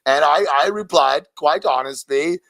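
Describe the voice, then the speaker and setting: Man doing a gravelly alien rock monster, vulgar, brash, fairly high voice, dry sound. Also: a little slow, no room sound. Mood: sardonic. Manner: brash, vulgar, erupts into shouting rants. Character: crude ranting male alien monster rock frontman. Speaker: singer in an interview clip.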